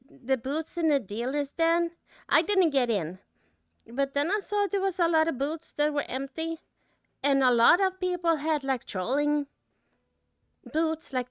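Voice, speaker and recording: A woman reflects emotionally on her life as an artist, choked up and fighting back tears, speaking haltingly with many restarts and trailing phrases. Her voice is high-pitched, recorded at studio quality with no echo.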